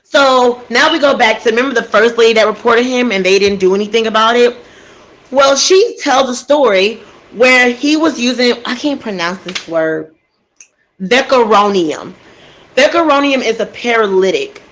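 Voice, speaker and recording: A woman's voice: a little high, animated, normal speed, fairly bright tone, rough recording. A woman telling a true crime story casually into a desk microphone, getting emotional and outraged and talking straight to her listeners.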